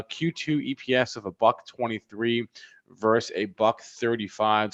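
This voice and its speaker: A man co-hosting a live trading show, reading earnings numbers with halting, filler-laden delivery. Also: lowish voice, fairly bright tone. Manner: hesitant, many fillers, reads numbers. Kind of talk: live market talk. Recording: dull lo-fi sound.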